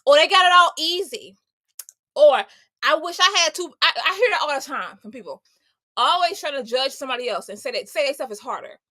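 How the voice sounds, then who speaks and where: Woman, high voice, bright and sharp, dry close sound, emphatic casual faith talk. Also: lively intonation, fairly quick, no echo. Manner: emphatic, conversational and slangy, addressing listeners directly. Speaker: host; homemaker, entrepreneur and mother. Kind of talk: faith-based motivational talk.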